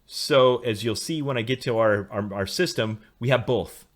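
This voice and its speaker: A man's voice: mid-range voice, moderate pace. A middle-aged man co-hosting a podcast, explaining at length in a casual lecturing way. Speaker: podcast co-host.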